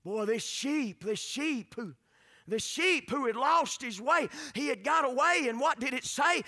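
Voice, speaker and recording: A man preaching a revival sermon, swinging from quiet storytelling to shouted preaching. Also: very high-pitched, lively intonation, normal speed, gravelly, dry recording, clean studio sound.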